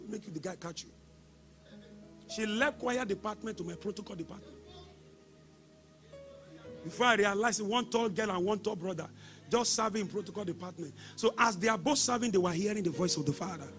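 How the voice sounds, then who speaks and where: Animated, high-voiced preaching pastor. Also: male voice. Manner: animated preaching with shouted exhortations and sing-song lines. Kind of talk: sermon.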